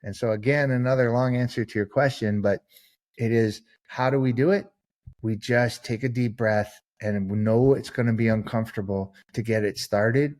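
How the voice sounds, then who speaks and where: A man's voice: medium pitch, fairly even intonation, normal speed, darkish tone. A man, a guest author on a podcast, giving long earnest answers and acting out the people in his stories. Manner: earnest storyteller, acts out quoted people. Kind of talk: conversational interview answer.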